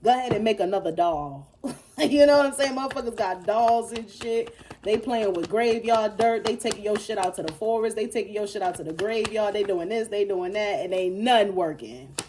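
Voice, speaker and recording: A woman's voice: mid-range voice, a little fast, darkish tone, slight background noise. A woman giving a casual tarot reading, blunt and profane, repeating her points emphatically and laughing between lines. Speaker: tarot reader.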